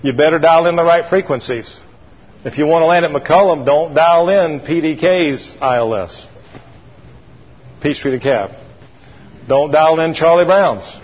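A man's voice: fairly high pitch, measured pace, long pauses, husky. Preacher man in an echoing church. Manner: call-and-response with congregation; storytelling, animated and folksy. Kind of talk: sermon. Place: church sanctuary. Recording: dull recording with long hall reverb.

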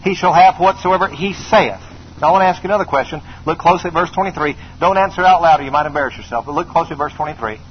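A man's voice: on the high side, racing. A middle-aged man preaching a sermon emphatically, repeating phrases and calling on the congregation to answer. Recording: slightly dull recording with faint noise.

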